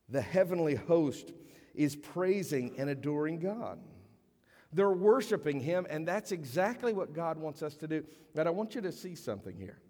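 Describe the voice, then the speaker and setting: A male pastor delivers a sermon with a fairly high voice. He tells stories with animation and acts out the voices of the people in them. The sound rings with the long reverb of a large church hall. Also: lively intonation, normal speed, warm tone. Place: church sanctuary.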